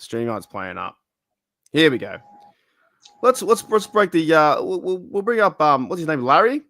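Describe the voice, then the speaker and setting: A man's voice: a little high, sing-song, moderate pace, fairly bright tone, no echo, clean studio sound. A man hosting a casual podcast over a video call, laughing and swearing easily. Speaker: podcast host.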